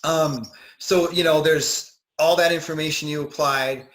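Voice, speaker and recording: A man's voice: on the high side, steady tone, a little slow, fairly bright tone, poor audio. A man, a dating coach, interviewing a client in casual, encouraging talk full of fillers.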